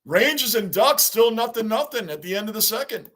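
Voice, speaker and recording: A high-pitched man talks casually through a live baseball stream. He chats with his viewers and reads their comments out loud. He sounds like a frustrated fan watching his team. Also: expressive, brisk. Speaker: live stream reaction host.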